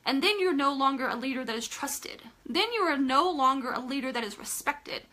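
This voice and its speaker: Speaking briskly in a high, animated, pushed and bright voice, this woman delivers a live motivational talk aimed at team leaders. She's emphatic and direct, repeats phrases for emphasis, speaks straight to viewers, and invites their comments.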